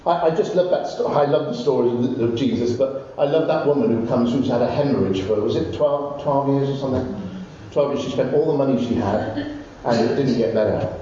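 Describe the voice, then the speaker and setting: A man preaching a sermon, telling Bible stories with animated, rising exclamations. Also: mid-range voice, fairly quick, hardly any pauses. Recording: distant, roomy, dull recording with faint noise.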